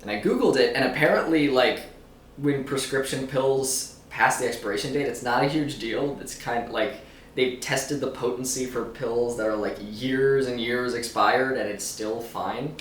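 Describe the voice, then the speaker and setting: A man's voice: mid-range voice, moderate pace, distant mic, a little hiss or hum. A man vlogging in casual chat, rambling loosely, swearing and laughing often. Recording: roomy echo, a bit off-mic, faint ambience.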